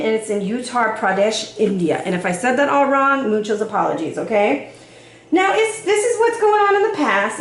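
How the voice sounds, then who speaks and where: A woman giving a casual tarot reading, animated and sassy, with casual swearing. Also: on the high side, reverberant. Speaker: tarot reader.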